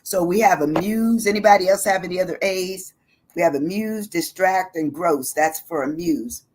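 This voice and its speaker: A woman's voice: lowish voice, normal speed, a little mellow, a little hiss or hum. A middle-aged woman hosting a motivational live-stream talk, chatty, laughing easily and repeating phrases for emphasis. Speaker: host.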